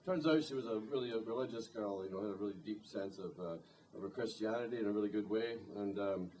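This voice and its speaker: Here a male singer-songwriter fills the gap between songs with a wandering, dryly funny story full of "you know." The voice is lowish and darkish, delivered at speed. It's a distant recording of the live gig at a music venue, with slight hiss or hum.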